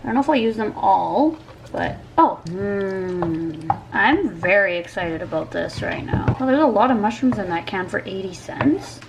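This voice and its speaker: A woman's voice: mid-range voice, expressive, measured pace, creaky, lo-fi sound, background noise. A woman food vlogger chatting casually in a home kitchen, bubbly and giggly as she cooks and tastes.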